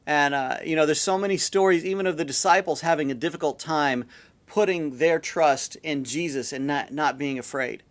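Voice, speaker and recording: A male pastor giving a sermon in a relaxed, conversational storytelling way, often repeating words as he goes. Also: a little high, normal speed.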